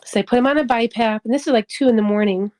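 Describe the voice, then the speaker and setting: A woman's voice: fairly high pitch, fast talker, a little mellow, low-quality recording. A middle-aged woman giving an emotional personal testimony in an interview. She acts out the dialogue as she tells it. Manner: emotional storytelling, acting out dialogue.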